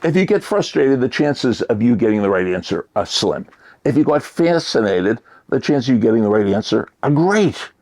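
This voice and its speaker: A man giving a motivational talk, shifting between loud emphasis and near-whispered asides. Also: medium pitch, very animated, normal speed. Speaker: motivational speaker.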